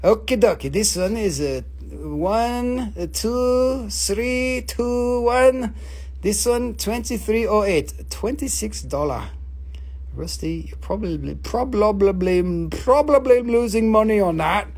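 Woman, husky voice, excitable, profane, live sales host, rapid countdowns. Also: on the high side. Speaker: live-stream rock and mineral seller. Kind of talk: live online sales show.

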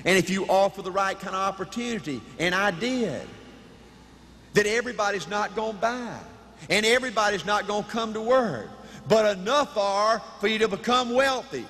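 A man giving an emphatic, repetitive motivational speech to a crowd in a large hall, with bursts of shouting. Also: high voice, lively intonation, moderate pace. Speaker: motivational speaker. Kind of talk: high-energy motivational speech.

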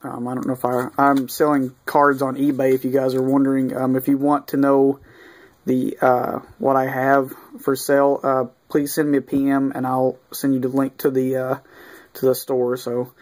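A man giving casual unboxing commentary, reading off cards one by one with easygoing, mildly excited asides and fillers. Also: mid-range voice, moderate pace. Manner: easygoing, reads off cards one after another. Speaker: video creator opening card packs.

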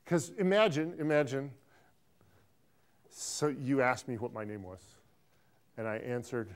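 A middle-aged man runs an accounting class in a lecture room at an even, middling pitch. He quizzes students in a playful, teasing way and often repeats his praise. He talks like a relaxed professor. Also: a little slow.

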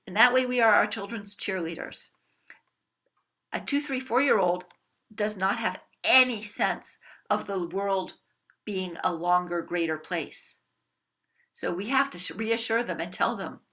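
A woman giving an animated workshop talk to a room of parents, coaching them with acted-out examples. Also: medium pitch, a little slow. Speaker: parenting educator. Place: room with an audience.

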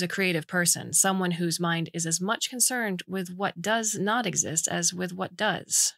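A woman narrating a science fiction short story in an even, clear storytelling manner. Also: on the low side, measured pace, hardly any pauses, no echo, studio quality.

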